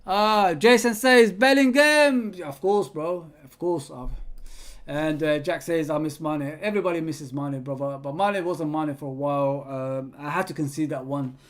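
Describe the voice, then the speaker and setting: A man hosting a live football watch-along, excitably calling the play, yelling at players and chatting with viewers. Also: a little high, moderate pace. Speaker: fan channel host reading live chat.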